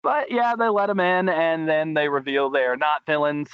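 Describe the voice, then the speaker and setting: A man hosting a podcast, casually recapping a cartoon episode in an animated way, laughing and acting out quotes. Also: moderate pace, clear, resonant tone, dry recording, highs cut off. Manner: animated, laughing, acts out quotes in high voices. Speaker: podcast host.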